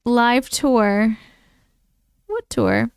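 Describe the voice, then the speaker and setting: Woman livestream host, playful and chatty, unhurried, dry close sound. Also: on the high side, gravelly, smooth, no echo. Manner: playful, chatty, talks to herself. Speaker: host reading viewer stories. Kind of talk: casual livestream chat.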